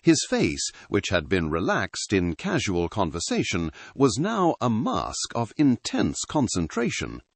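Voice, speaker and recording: Slow, husky male narrator. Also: on the low side, huge pitch swings, no room sound. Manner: measured, literary storytelling. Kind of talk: scripted narration.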